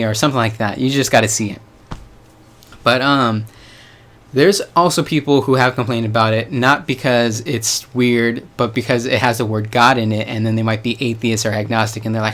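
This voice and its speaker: Young man, casual vlog, rambling, hedging, slangy, mid-pitched voice. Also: moderate pace, fairly bright tone. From United States. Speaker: vlogger.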